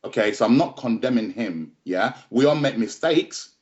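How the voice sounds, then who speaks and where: A man's voice: mid-range voice, expressive, moderate pace. A middle-aged man, a boxing trainer telling his story as an interview guest in an emphatic way, repeating phrases and checking in with "yeah?". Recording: slightly dull lo-fi audio.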